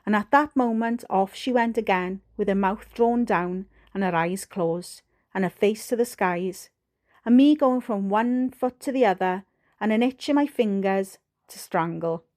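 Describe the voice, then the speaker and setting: A woman with a Welsh accent narrating an audiobook in a steady, measured way. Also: mid-range voice. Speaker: audiobook reader.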